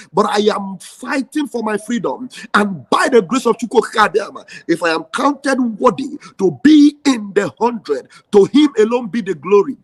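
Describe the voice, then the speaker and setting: A Nigerian man giving an impassioned rallying speech, fiery and emphatic, repeating his key phrases. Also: high voice. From southeastern Nigeria. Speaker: activist.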